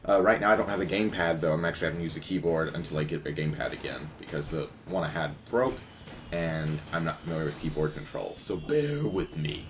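Deep-voiced, laid-back gaming commentator. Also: male voice, fast, a little hiss or hum. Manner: laid-back, profane, joking. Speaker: gaming YouTuber. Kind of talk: let's-play commentary. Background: game music.

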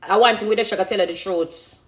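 A woman's voice: medium pitch, fast talker. Chatty Jamaican woman live-streaming. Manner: chatty, reads out comments, animated. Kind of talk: casual live-stream chat.

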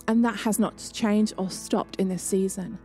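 A woman's voice: medium pitch, steady tone, a little slow, a little mellow, soft background music. A woman with an English accent preaching an online sermon in a chatty, conversational way, mixing personal stories with scripture. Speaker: pastor.

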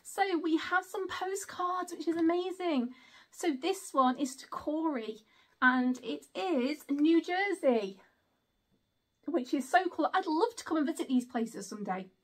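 Gushing high-voiced woman. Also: animated, a little slow. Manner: gushing, exclaims often. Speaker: vlogger. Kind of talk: casual unboxing chat.

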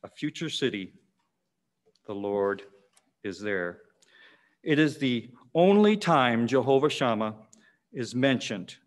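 A man, preaching a sermon in a measured way, repeating key phrases with pauses, in a church hall. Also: medium pitch, lively intonation. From Canada. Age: 60s. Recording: long echoing church reverb.

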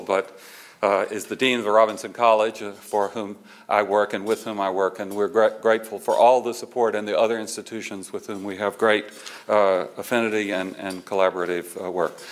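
A man hosting a luncheon program, thanking people and speaking hesitantly with many fillers and restarts. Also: on the low side. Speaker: event host. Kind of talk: announcing at a luncheon.

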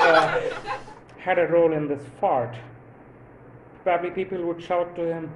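Man from India, stand-up monologue, unhurried and meandering, laughs at his own lines, echoey room, faint noise. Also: a little high, steady tone, a crowd in the background. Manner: rambling, with many fillers and chuckles at own jokes. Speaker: stand-up comedian.

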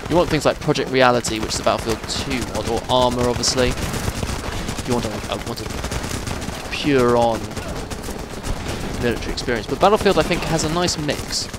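A man's voice: medium pitch, normal speed, noisy background. Chatty guy talking over his war game, gunfire and blasts going off behind him. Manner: rambling, chatty, sidetracked. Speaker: gameplay commentator. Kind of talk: casual gameplay commentary. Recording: gameplay gunfire and explosions behind.

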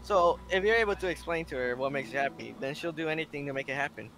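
Bright, reassuring schoolgirl club leader, higher voice, read by a man. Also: fast talker, faint music behind. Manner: reassuring, earnest reading. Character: upbeat caring teen girl club president. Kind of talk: reading a visual novel aloud.

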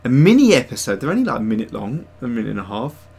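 A man's voice: mid-range voice, big pitch swings, fast, vocal fry, a little mellow, breathy edge. Chatty man on a livestream. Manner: rambling, chatty, many fillers and restarts. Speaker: livestream host and digital sculptor. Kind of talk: casual livestream chat.

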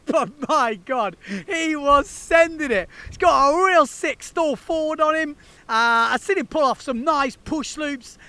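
Man, very high voice, bright tone, enthusiastic slangy vlog chat. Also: lively intonation, a little slow. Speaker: windsurfing video host. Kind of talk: casual chat to camera.

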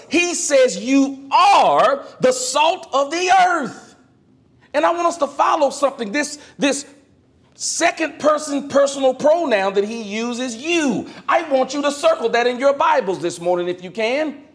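A minister preaching with a very high voice that climbs and falls all over the place. He drops into low asides, then bursts out loud, and keeps asking the congregation for an amen. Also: animated, moderate pace. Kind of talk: sermon.

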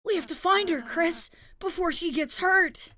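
A woman reading aloud as a gentle, worried young male prince from a video game in a soft, earnest voice. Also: very high-pitched, unhurried, pitched above the performer's own voice, heavily acted.

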